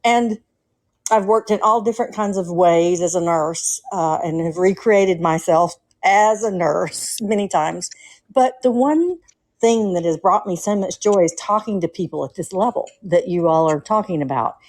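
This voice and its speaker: A woman's voice: on the low side, moderate pace, a little mellow, low-quality recording. A middle-aged woman with a Southern Atlanta accent, calling in and telling stories in an earnest, chatty way. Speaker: caller. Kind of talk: casual call-in chat.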